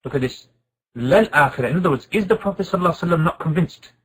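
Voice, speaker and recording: A man teaching an informal Quran class, asking his students questions and reciting Arabic verses quickly. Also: high voice, slightly rough, poor audio. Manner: lively, asks the class questions and answers them.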